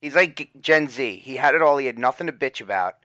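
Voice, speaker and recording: A man's voice: mid-range voice, animated, fast talker, sharp tone, no echo. A man chatting casually as a podcast co-host, blunt, emphatic and profane. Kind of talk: casual chat. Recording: dry, slightly dull lo-fi sound.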